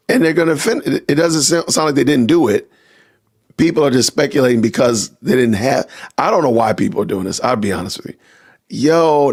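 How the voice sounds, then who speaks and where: A man hosting a casual livestream podcast, reacting out loud and talking to his viewers as "y'all". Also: medium pitch, gravelly, husky. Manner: talks to chat with y'all, reacting loudly. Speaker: podcast host.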